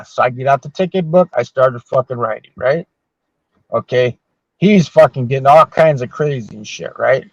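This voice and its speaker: A man's voice: medium pitch, normal speed, dry recording. A man in his sixties telling long, swear-filled anecdotes in casual chat as a podcast host. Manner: profane, rambling anecdotes. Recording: dull, dry sound.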